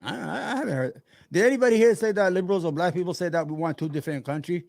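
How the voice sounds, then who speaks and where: A man's voice: high voice, racing, creaky, dry recording. Fired-up New man, dry close sound. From New York. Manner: animated, sarcastic, frequent restarts and stammers. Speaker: commentary host reacting to clips. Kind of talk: heated opinion commentary.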